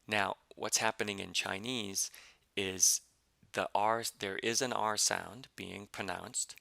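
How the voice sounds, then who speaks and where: A language teacher walks through a pronunciation lesson step by step, patiently explaining with lots of fillers and slowly repeating example syllables. His voice is low, creaky, and bright, with a forceful tone and no room sound.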